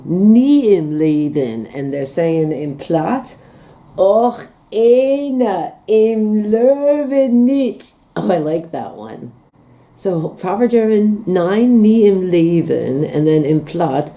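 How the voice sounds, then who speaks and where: A young American woman vlogs casually about language learning, reading phrases aloud and reacting with amused disbelief. Her voice is mid-range and mellow.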